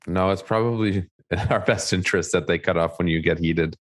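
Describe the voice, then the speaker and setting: A man co-hosting a real estate podcast in a calm, easygoing, agreeable way. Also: deep voice, a little fast. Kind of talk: casual podcast chat. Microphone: studio podcast microphone.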